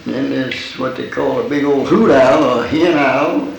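Gravelly, hesitant man, echoey. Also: mid-range voice. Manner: deliberate, hesitant, plain-spoken. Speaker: interviewee. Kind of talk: answering interview questions. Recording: very echoey room, faint hiss.

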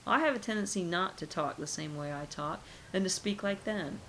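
A woman's voice: on the low side, moderate pace, a bit bright, a little hiss or hum, rough recording. A middle-aged woman being interviewed, talking casually and musing with rhetorical questions.

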